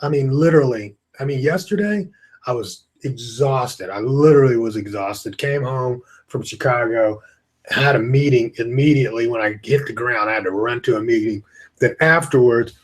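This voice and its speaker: A tired man hosts a live webinar from his webcam. His talk is loose and rambling, and he greets viewers by name. He stifles yawns as he goes. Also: medium pitch. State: tired, yawning. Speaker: online course host. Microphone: webcam with screen beside it.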